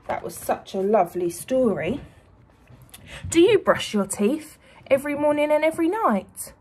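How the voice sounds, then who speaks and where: A woman teacher reading a picture book to young children, expressive and asking them questions. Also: sits high, normal speed, husky.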